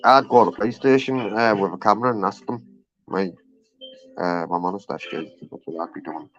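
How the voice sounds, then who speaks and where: Talk like a loud, swearing bloke. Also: male voice, on the low side, normal speed. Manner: chatty, loud, swears a lot. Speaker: vlogger. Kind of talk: casual vlog while on hold to a phone company. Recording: slightly dull recording with faint music.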